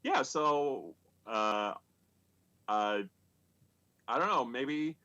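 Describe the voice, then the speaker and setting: Bright-voiced, hesitant male comic. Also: mid-range voice, expressive, drawn-out words, lo-fi sound. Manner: hesitant, many fillers and restarts. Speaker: stand-up comic. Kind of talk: comedic storytelling. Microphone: video call.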